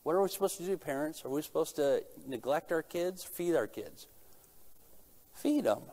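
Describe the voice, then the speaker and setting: A man's voice: fairly high pitch, a little fast, a little mellow. A middle-aged man preaching a sermon, earnest, asking rhetorical questions and answering them himself. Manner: earnest, rising in intensity at key points. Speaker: pastor.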